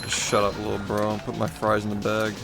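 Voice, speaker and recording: Gravelly, flat-voiced sarcastic streamer guy. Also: on the low side, fast talker. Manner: sarcastic, profane, mocking. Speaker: livestreamer. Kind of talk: ranting at chat on a live stream. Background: game music.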